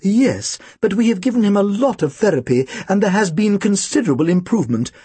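A man's voice: high-pitched, animated, a little fast, mellow, slightly rough, no room sound, voice pushed up, full character voice. A man voicing a formal, cautious male doctor who gives precise, earnest warnings about his patient.

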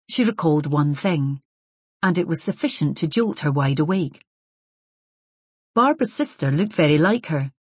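A woman narrating a novel in a measured, even way. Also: low voice, husky, no room sound. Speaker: audiobook narrator. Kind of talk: scripted narration.

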